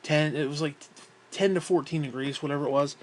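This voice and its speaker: A man's voice: on the high side, fairly even intonation, a little fast. A young man rambling through a casual, profane vlog monologue, often breaking into laughs and sighs. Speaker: vlogger.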